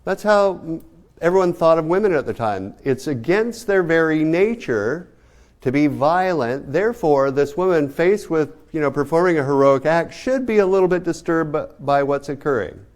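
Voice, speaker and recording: A man's voice: on the high side, lively intonation, normal speed, a little mellow. A man giving a casual art history lecture, talking to students and asking them many rhetorical questions. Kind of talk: classroom lecture.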